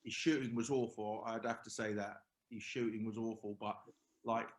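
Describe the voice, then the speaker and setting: A man's voice: fairly low pitch, steady tone, normal speed. A middle-aged man, a former footballer guesting on a podcast, telling rambling stories full of restarts. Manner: rambling, many restarts and quoted asides. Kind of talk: casual chat, storytelling. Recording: roomy echo.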